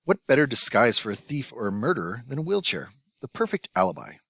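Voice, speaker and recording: A man voicing a dramatic, eccentric young woman secretary in a storybook reading, in a higher pitch than his own. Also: big pitch swings, fast, a bit bright, breathy edge, dry recording, heavily acted. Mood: grand.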